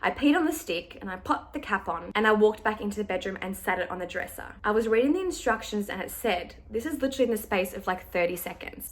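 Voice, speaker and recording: A young woman vlogging, telling a personal story in a chatty, emotional way with lots of "like". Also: mid-range voice. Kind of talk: casual storytelling to camera.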